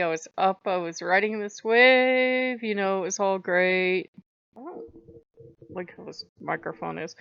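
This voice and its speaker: A woman's voice: medium pitch, a bit bright, clean tone, dry recording. A woman talking candidly in a personal vlog, having just cried, swearing freely and laughing as she tells it. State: after crying. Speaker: channel host. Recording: muffled dry homemade mic.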